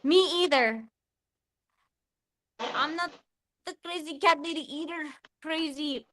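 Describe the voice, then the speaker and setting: A woman's voice: high-pitched, slow, sharp tone, slight background noise. A woman hosting a live podcast, chatting casually in a rambling, emotional, giggly way. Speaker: podcast host.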